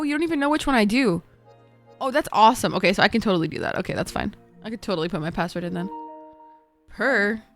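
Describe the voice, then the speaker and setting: A young woman streamer chatting casually with viewers, excitable and swearing, laughing often. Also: medium pitch. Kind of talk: casual gaming stream chat.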